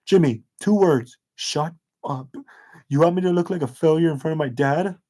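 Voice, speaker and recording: A man's voice: on the high side, moderate pace, dark tone, close to an everyday voice. A man voicing a cocky, mean teenage boy who talks in a snide, dismissive way.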